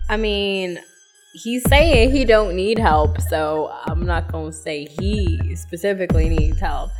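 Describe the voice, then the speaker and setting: A woman's voice: lowish voice, slow pace, over music. Flustered giggly woman gamer. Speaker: gamer playing a story game. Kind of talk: casual game commentary.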